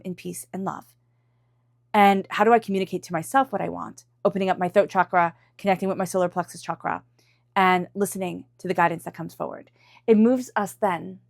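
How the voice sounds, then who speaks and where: A woman giving a spoken tarot reading, chatty and meandering, softly repeating invocations as she draws cards. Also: mid-range voice, no echo, studio quality. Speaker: tarot reader.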